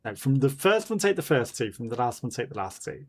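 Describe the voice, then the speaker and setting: A man hosting a let's play, reading in-game letters and clues aloud haltingly, with fillers and self-corrections. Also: medium pitch, big pitch swings, slightly rough.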